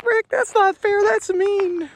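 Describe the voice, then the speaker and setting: A man putting on a high falsetto to mock a whiny, scolding critic. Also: steady tone, takes it slowly, gravelly, slight background noise, exaggerated voice. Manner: mocking, high squeaky falsetto.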